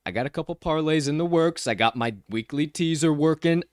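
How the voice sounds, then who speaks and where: A man's voice: on the high side, a little fast, no echo, studio quality. A man co-hosting a casual sports betting chat, joking and swearing freely as he gives his picks. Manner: joking, profane, playful drawl. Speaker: podcast co-host.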